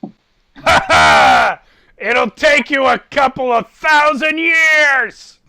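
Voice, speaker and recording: A man's voice: sits high, extremely slow, creaky, pushed and bright, exaggerated voice. A man voicing an ancient, powerful male sorcerer who is sardonic and commanding, bellowing his words over an online voice call. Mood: mocking. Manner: bellowing, mocking.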